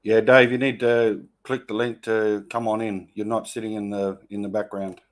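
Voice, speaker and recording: An Australian man hosting a casual livestream, greeting viewers one by one in a relaxed, matey way. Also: on the low side, normal speed. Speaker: host.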